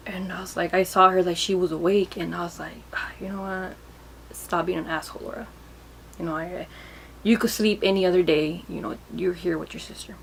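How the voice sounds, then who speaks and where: A young woman recounting a personal memory in a vlog, emotional and halting, often repeating and restarting her words. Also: lowish voice, creaky, slight background noise. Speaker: vlogger.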